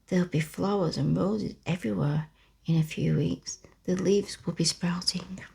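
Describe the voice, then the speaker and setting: A woman voicing a gentle, kind country boy, friendly and calm, in a whispered role-play. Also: on the low side, moderate pace, gravelly, husky, full character voice.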